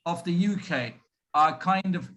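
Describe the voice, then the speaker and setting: Indian man, RP-leaning accent, high voice; speech coach, deliberate and demonstrative. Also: bright, forceful tone. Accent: Indian English, RP-influenced. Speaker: pronunciation coach. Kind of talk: speech on pronunciation.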